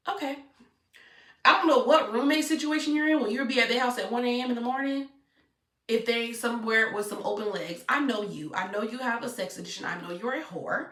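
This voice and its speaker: Young woman, blunt storytime vlogger, bright voice, echoey distant mic. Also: a little high, brisk. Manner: blunt, talks straight to viewers. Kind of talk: storytime vlog. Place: room at home.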